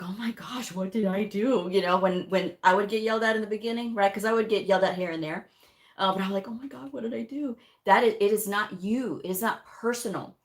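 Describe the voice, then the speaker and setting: Woman instructor for a livestream coding lesson, candid and conversational, middle-pitched voice. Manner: frank, chatty, addresses viewers directly. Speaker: medical coding educator. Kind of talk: casual livestream teaching talk.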